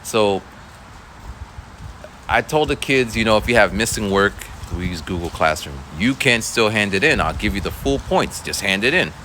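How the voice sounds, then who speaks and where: Laid-back man with a lively voice. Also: lowish voice, normal speed, slight background noise, rough recording. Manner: laid-back, rambling, with many fillers. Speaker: schoolteacher. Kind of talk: casual storytelling vlog.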